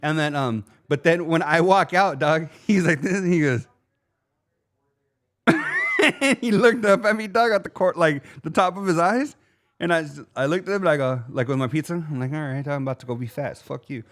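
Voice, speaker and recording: With a voice on the high side and a slightly quick delivery, a man co-hosting a podcast tells a story. He's from Arizona, talks in animated slang, and keeps saying "dog."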